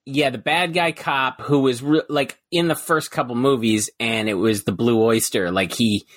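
Dry, deadpan podcast co-host man. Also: medium pitch, moderate pace, dry recording. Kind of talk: casual chat, reading news items.

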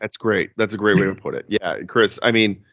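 A young man co-hosting a casual podcast about movies, animated and enthusiastic, laughing often. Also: lowish voice, brisk, no echo, lo-fi sound. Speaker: podcast co-host.

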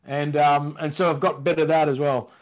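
A man from London whose speech carries an American tinge, chatting loosely as a guest. His voice sits a little higher than most men's, and he jokes and wanders between thoughts. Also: level tone, a little fast. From London, England. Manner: joking, rambling. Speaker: comedian guest. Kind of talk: casual interview chat.

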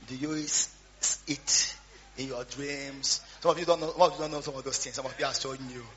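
A man preaching a storytelling sermon, swinging between quiet asides and loud shouts. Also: mid-range voice, steady tone, fairly quick. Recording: dull lo-fi sound with faint hum.

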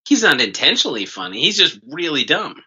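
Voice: mid-range voice, sing-song, fairly quick, pushed and bright, breathy edge, lo-fi sound. A podcast co-host from New Jersey, chatting casually, sarcastic and blunt, swearing freely. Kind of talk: casual comedy podcast chat.

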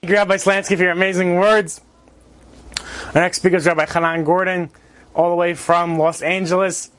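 A man hosts an event and introduces the next speaker. He speaks formally, with small restarts. His voice sits a little high. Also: flat delivery, brisk, fairly bright tone.

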